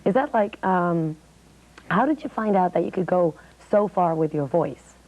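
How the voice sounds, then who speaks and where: A woman's voice: fairly low pitch, animated, normal speed, lo-fi sound. A woman interviewer asking friendly, curious questions in a TV interview.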